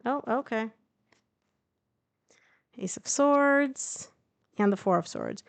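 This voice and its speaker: A woman's voice: on the high side, moderate pace, gravelly, long pauses, dry recording. A woman casually reading tarot cards to camera, chatting and thinking aloud with fillers and asides. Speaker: tarot reader. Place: indoors, traveling.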